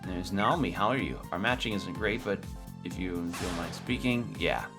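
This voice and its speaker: A man casually commenting on a video game he is playing, relaxed and thinking aloud. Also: deep voice, normal speed. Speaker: gaming streamer. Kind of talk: casual let's play commentary. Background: faint game music.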